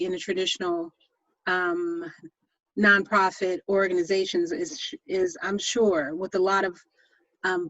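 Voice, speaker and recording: An interview host speaking casually, halting with many restarts and affirming "mm-hmm"s. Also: mid-range voice, a bit bright, no room sound. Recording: dry, slightly dull lo-fi sound.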